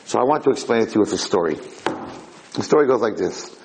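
A man giving a Torah lecture, telling lively personal stories and acting out the dialogue, with frequent "right?" asides. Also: lowish voice, fast talker, slight background noise, low-quality recording. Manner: animated storyteller, acts out dialogue, frequent "right?".

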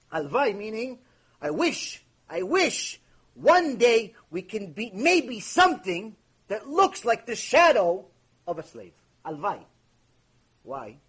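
A man's voice: high-pitched, a bit bright, breathy edge, low-quality recording. A man giving an impassioned Torah lecture on Mussar, rebuking his listeners and mixing Hebrew terms into his English. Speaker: rabbi teaching Mussar.

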